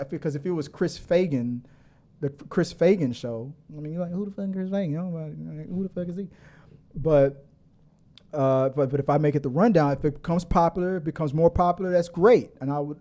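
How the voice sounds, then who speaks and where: A middle-aged man hosting a casual live stream, laughing often and reading viewer comments aloud. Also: a little high. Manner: laughing, animated, reads chat comments aloud.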